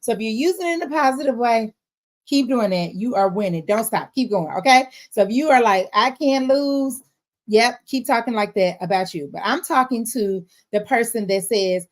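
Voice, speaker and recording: A woman speaking in a casual faith-based motivational talk. Her voice sits a little high, and she keeps checking in with her listeners as she goes. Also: normal speed. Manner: expressive, frequent "all right?" check-ins.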